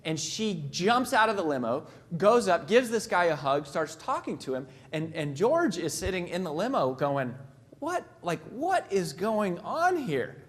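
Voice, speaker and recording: Jokey man storytelling to a crowd. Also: high voice. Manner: storytelling, jokey, acts out voices. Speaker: keynote speaker. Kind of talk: live motivational talk.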